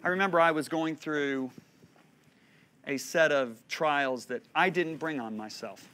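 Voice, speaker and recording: A man in his fifties delivers a sermon with a fairly high voice. His storytelling is expressive, and he moves from loud, excited lines to quiet, hushed ones. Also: unhurried. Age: 50s. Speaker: preacher. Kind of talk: sermon teaching.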